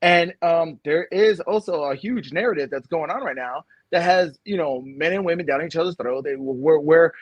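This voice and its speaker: A man's voice: on the high side, moderate pace, hardly any pauses, no echo, muffled recording. A man co-hosting a podcast, ranting in a casual debate and laughing often. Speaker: podcast co-host.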